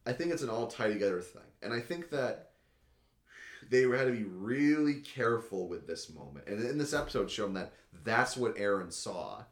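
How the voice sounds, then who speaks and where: A man chatting casually as a podcast host, rambling and excitable, leaning on "like" and swearing a lot. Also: lowish voice, moderate pace. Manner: rambling and excitable, heavy use of "like", swears often. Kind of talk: casual chat recapping an anime episode. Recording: echoey room.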